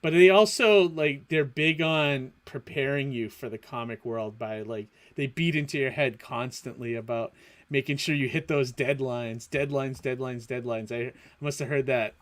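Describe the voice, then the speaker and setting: A man, a comic artist guest on a livestream, answering in a relaxed, halting way and laughing often. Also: medium pitch. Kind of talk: casual interview.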